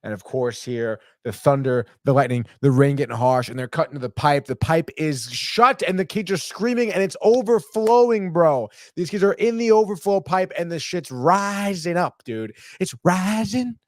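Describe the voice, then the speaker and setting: A man's voice: on the high side, animated, moderate pace, hardly any pauses, a little mellow, no room sound, clean studio sound. A man hosting a podcast, recapping a TV episode in a rambling, profane, casual way and saying "dude" a lot. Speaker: podcast host.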